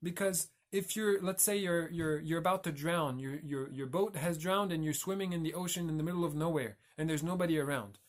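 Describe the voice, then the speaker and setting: A man's voice: a little high, fairly quick, few pauses. A man giving a reflective religious talk as a teacher, explaining and carefully pronouncing Arabic terms.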